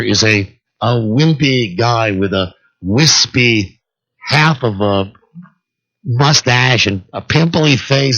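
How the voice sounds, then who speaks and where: A male talk radio host telling a long story solo, animated and acting out the people in it, on a dull lo-fi radio broadcast. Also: lowish voice, husky.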